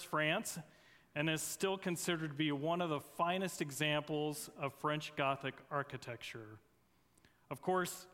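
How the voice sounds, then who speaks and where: An earnest man preaching a sermon in a church sanctuary, his voice pitched somewhat high for a man. He speaks in measured phrases with pauses between them. A long reverb from the big room trails after every line. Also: pushed and bright. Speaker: guest preacher. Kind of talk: sermon with opening prayer. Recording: long reverb of a large hall.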